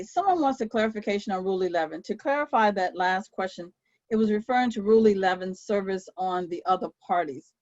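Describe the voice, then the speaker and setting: A woman's voice: fairly low pitch, darkish tone, no room sound. Woman, webinar moderator, reads questions aloud, hesitant fillers, dull dry sound. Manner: reads out questions, then answers with many fillers. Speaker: court clerk moderating a webinar. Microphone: video call.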